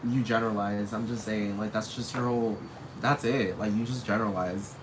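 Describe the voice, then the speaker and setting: A man's voice: lowish voice, fairly even intonation, a little fast. A man ranting casually and at length, rambling and swearing, talking straight at the people he's calling out. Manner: rambling, profane, talks straight at his targets. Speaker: vlogger. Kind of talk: casual rant to camera. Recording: noisy background hiss.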